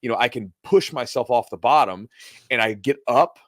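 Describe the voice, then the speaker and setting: A man co-hosting a casual podcast and telling a long, animated story, acting out the other people's voices as he goes. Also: mid-range voice, normal speed, dry recording, clean studio sound. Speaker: podcast co-host. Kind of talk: casual chat.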